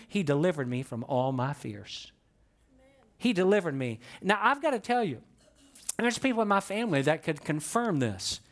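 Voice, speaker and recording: A man's voice: very animated, normal speed. A middle-aged man preaching a sermon in church as pastor, emphatic and building in intensity, asking the congregation questions and calling for their responses. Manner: emphatic, rising in pitch and volume as he preaches. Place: church sanctuary.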